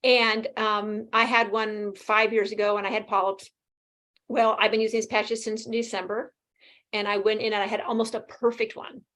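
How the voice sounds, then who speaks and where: A woman in her fifties, a guest talking casually and quickly in an interview, animated and laughing often. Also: mid-range voice. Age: 50s. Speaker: guest sharing her experience.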